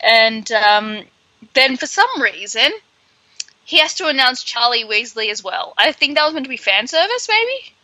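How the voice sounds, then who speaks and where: Bright playful woman recapping on a podcast, dry close sound. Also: a little high, very animated, no echo, rough recording. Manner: playful, jokey recapping with quick asides. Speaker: podcast co-host. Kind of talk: casual podcast chat.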